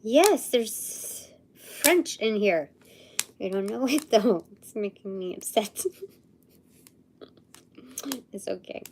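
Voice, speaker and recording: Woman host for a live intuitive session: unhurried, hesitant, muses aloud, slips into soft murmurs. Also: medium pitch, expressive, a little hiss or hum. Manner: musing, hesitant, thinking aloud with fillers. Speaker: livestream host.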